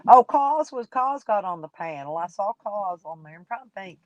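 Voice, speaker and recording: A woman's voice: medium pitch, lively intonation, normal speed, no echo, rough recording. A woman streaming live, chatting casually with her viewers and gossiping about people in her chat in folksy, colloquial talk.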